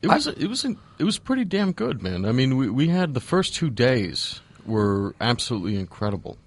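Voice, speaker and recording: A man's voice: mid-range voice, wildly swooping pitch. A man who is a guest on a radio show, talking loosely with fillers and jokes. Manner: loose, joking, halting with fillers. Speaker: marketing head, radio guest. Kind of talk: casual radio interview.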